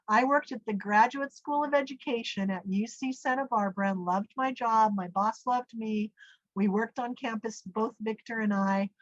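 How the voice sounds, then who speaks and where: Animated middle-aged woman telling her story. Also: no room sound. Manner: animated storyteller, acts out quoted speech with big pitch jumps. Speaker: podcast guest. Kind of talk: personal storytelling in an interview. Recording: dull, dry lo-fi audio.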